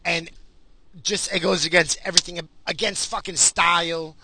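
A man in a profane, angry vlog rant, swearing constantly and bursting into loud outbursts. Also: fairly even intonation, moderate pace, a little hiss or hum. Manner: mocking, drifting into sudden high voices. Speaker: vlogger.

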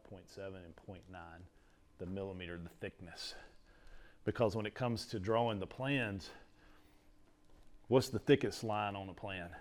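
A man's voice: fairly low pitch, darkish tone. A middle-aged man, teaching a class in a casual, rambling lecture full of stories. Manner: chatty, storytelling, uses "like" a lot.

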